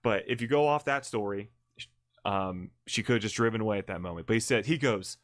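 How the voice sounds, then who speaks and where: A man's voice: fairly low pitch, fairly quick, a bit bright. A man co-hosting a livestream, telling a long story in casual chat, rambling and blunt, with lots of restarts, self-corrections and swearing. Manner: blunt and profane. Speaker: livestream co-host. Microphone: streaming mic.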